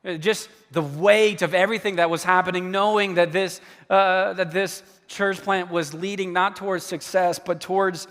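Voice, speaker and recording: Pastor, male, high voice, lively sermon delivery with restarts, echo of a church hall. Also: moderate pace, hardly any pauses. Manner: animated storyteller who acts out the quoted dialogue, with stammered restarts.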